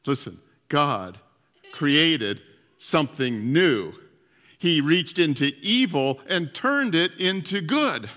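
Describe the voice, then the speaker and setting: Guy preaching in a church hall, high bright voice, big echo tail, tells it animated then goes hushed. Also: takes it slowly. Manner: animated storytelling, repeats words, drops to a soft hush. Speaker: pastor. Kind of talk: sermon. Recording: long hall reverb.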